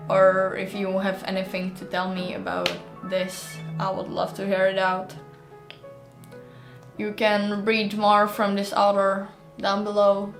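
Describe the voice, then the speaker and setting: Casting: woman narrator for a fan audiobook, mid pitch, roomy room, faint music underneath. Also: completely flat delivery, slow. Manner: plain storytelling, chatty in outro.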